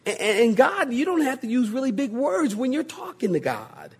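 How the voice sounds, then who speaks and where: A man preaching with a high, husky voice that ranges widely. He jokes with the congregation and slips into mock-grand prayer voices for laughs, then drops back to a confiding tone. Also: normal speed. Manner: animated, joking, mimics pompous prayer voices. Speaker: pastor. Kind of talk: sermon.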